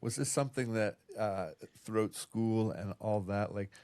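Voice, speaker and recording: A man's voice: lowish voice, measured pace, darkish tone, no echo. A man hosting a casual interview, asking questions and adding brief encouraging interjections. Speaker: podcast host.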